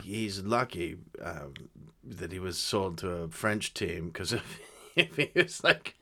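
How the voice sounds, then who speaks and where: A man co-hosting a comedy podcast, throwing in quick sarcastic quips. His voice is bright and a little tense, and his pitch rises and falls in lively swings. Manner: quick-witted, sarcastic banter. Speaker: podcast co-host. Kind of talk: casual comedic chat.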